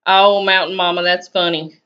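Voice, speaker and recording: A woman with a Southern US accent chats casually on her live stream, answering viewers' comments in a laid-back drawl. Her voice is on the low side, flat in delivery and at normal speed, over dull lo-fi stream audio.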